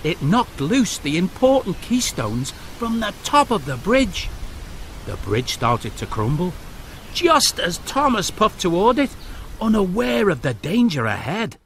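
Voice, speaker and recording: A man narrating a children's storybook aloud in an expressive, sing-song way. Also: high-pitched, measured pace, slight background noise.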